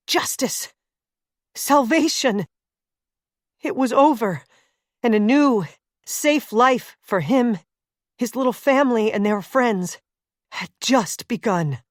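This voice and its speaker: Woman reading a thriller audiobook, middle pitch, dead dry close mic. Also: no echo. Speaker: audiobook narrator. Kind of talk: scripted audiobook narration.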